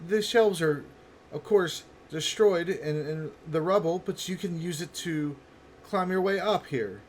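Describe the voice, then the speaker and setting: Wary, commanding woman on a platform, pitched up and louder, a man doing her, faint hiss behind. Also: measured pace, close to an everyday voice. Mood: guarded. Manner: suspicious, commanding.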